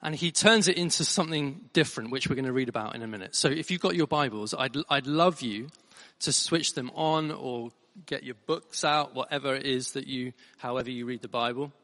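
A middle-aged man preaching a sermon as a pastor, telling a family story with animated, emphatic repetition. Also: medium pitch, a little fast, long reverb tail.

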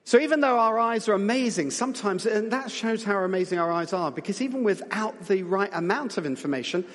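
A man's voice: high voice, expressive, brisk. A man preaching to a congregation, chatty and jokey, coaxing people to call out guesses. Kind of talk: lively church talk with audience guessing. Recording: long hall reverb.

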